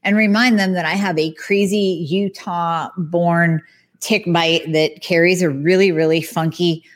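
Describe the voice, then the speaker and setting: A woman podcast host, a health practitioner, talking through lab results in a lively, conversational way. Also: lowish voice, unhurried. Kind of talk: casual explanatory podcast talk.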